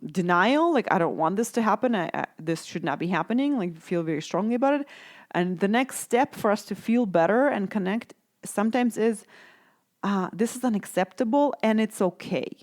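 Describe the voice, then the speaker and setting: A middle-aged woman hosting a solo parenting podcast, talking in a reflective, self-correcting way and often checking in with "right?". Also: medium pitch. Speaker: podcast host, parenting coach. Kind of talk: casual solo podcast talk.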